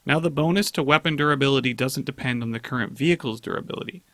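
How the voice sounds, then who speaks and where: A man's voice: medium pitch, quick pace, creaky, fairly bright tone, dry recording. A man hosting a gaming channel, casually going over patch notes and joking with his viewers. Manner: chatty, joking, reads patch notes aloud. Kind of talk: casual gaming news commentary.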